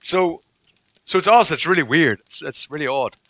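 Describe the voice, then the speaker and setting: Speaking in his Northern Irish accent, this man from Northern Ireland live streams a game, chatting casually and telling animated stories with frequent laughter and phrases repeated for effect. His voice is on the high side and expressive, at a normal speed. The recording is dry and a bit bright.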